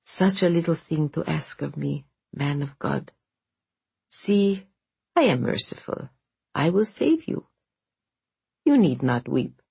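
A woman voicing an unseen spirit that speaks mildly and coaxingly, in a husky voice. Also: deep voice, lively intonation, slow pace, long pauses, mellow, no echo, heavily acted. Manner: mild and coaxing.

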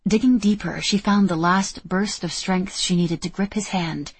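A woman reading a novel aloud in steady, measured scripted narration. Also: on the low side, breathy edge. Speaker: audiobook narrator.

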